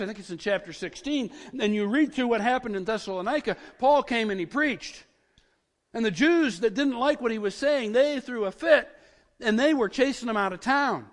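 Male pastor, sermon delivery, high voice, excitable, stumbles over repeats, long hall reverb. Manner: excitable, repeats words when worked up.

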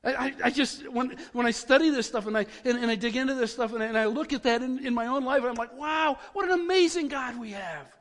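A man preaching a sermon as pastor, getting excited and repeating words as he builds up. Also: extremely high pitch, quick pace, hardly any pauses, long reverb tail.

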